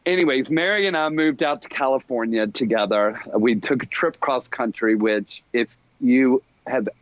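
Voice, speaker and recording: Middle-aged man, podcast guest, animated storyteller, casual, dull lo-fi sound, dry room. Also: medium pitch, normal speed, no echo. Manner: animated storyteller, laughs often.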